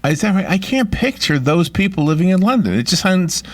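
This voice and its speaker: A man's voice: sits high, sing-song, fairly quick, dry recording. Man hosting a casual radio talk show. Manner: loose, conversational, jokey. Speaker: radio host. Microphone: studio mic.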